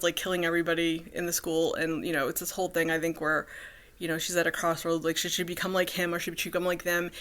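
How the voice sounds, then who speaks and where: A woman talks straight to the camera in a loose personal vlog. Her voice is bright and forceful and sits fairly low. She rambles, restarts her sentences and fills gaps with "um" and "like.". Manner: rambling, many fillers and restarts. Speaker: vlogger.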